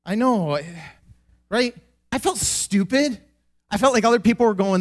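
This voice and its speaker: High-voiced man telling a personal testimony. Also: measured pace. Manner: animated, self-deprecating, laughs often. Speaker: church member giving a testimony. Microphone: microphone.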